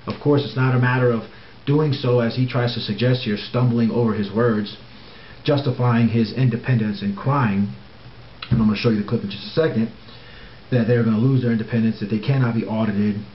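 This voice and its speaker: A man's voice: mid-range voice, fairly even intonation, brisk. A man talking straight to camera in an emphatic monologue, insisting on his points and repeating words for stress. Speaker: political commentator. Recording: roomy, dull, faint hiss.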